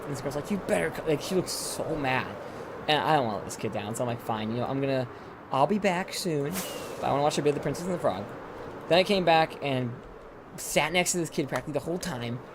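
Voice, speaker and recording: A man's voice: medium pitch, noisy background. Rambling young man streaming a game. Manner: rambling, swears casually, drifts into whispering. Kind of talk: casual gameplay chat. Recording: clear background typing and clicks.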